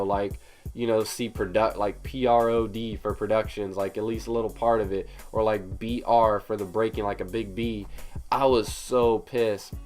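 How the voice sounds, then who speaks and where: Young guy vlogger, mid-pitch, lively storytime rant, faint music behind. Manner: animated, emphatic retelling with lots of fillers. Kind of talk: storytime vlog.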